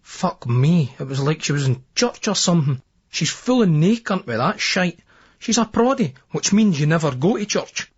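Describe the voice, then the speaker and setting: A man's voice: a little high, big pitch swings, moderate pace, slightly rough. A man with a Scottish accent narrating a novel in the first person, in a brash, crude, swaggering voice. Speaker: audiobook narrator. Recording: dull lo-fi remastered old tape.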